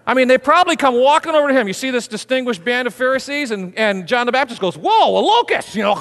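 Male pastor, lively high-pitched sermon delivery, church hall with long reverb. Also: brisk. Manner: animated, acts out biblical figures with humor.

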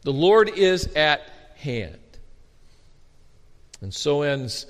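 A man preaching a sermon as a pastor, animated and storytelling with humor, often restarting his words. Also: fairly high pitch, extremely slow. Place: church sanctuary. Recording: long reverb of a hall.

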